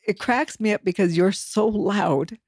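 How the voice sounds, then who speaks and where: A woman's voice: mid-range voice, measured pace, a little mellow, no echo, studio quality. A middle-aged woman who is a mother, co-hosting a casual podcast chat with her daughter and laughing easily. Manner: laughs easily, talks expressively.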